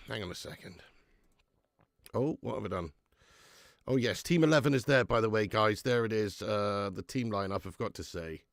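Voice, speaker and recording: A man's voice: lowish voice, fairly bright tone, no room sound, clean studio sound. A man hosting a live football watch-along, sick with flu, talking bluntly and swearing as he banters with viewers. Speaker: football fan channel host.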